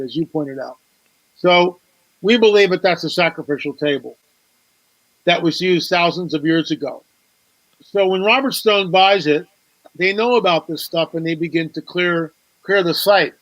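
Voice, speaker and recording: A man's voice: on the high side, a bit bright, no room sound, muffled recording. A man, a guest author on a talk show, telling a story with animation, repeating words and acting out quoted dialogue.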